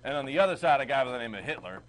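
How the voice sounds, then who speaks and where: A man teaching a history class in a classroom, animated and chatty, often checking in with the students. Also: mid-range voice, racing, a little hiss or hum, rough recording. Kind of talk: classroom lecture.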